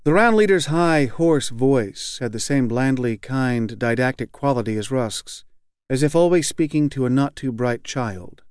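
A man reading a novel aloud as audiobook narrator, in a measured, wry, even delivery. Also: mid-range voice, clear, resonant tone, no room sound, clean studio sound.

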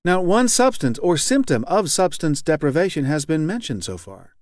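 A man reading a novel aloud as audiobook narrator, in a measured, wry, even delivery. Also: medium pitch, no echo, clean studio sound.

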